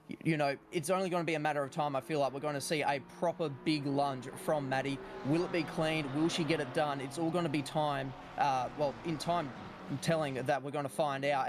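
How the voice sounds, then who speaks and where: A man's voice: a little high, background noise. A man giving live sim race analysis in a rambling, analytical way with lots of fillers. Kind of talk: live sim racing commentary.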